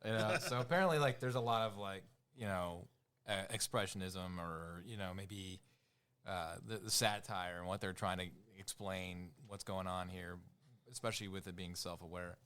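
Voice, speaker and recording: A man's voice: low voice, fairly even intonation, moderate pace, a bit bright, clear, resonant tone. A man co-hosting a podcast, laid-back, giving short reactions and reading movie facts from notes. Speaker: podcast co-host. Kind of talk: casual chat.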